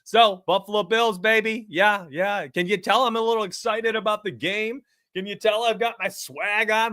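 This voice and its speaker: An excitable man hosting a live sports betting show, talking straight to his chat with lots of hype. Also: high voice, dry recording, studio quality. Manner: excitable, hype-driven, addresses chat directly. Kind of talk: energetic live-stream betting talk.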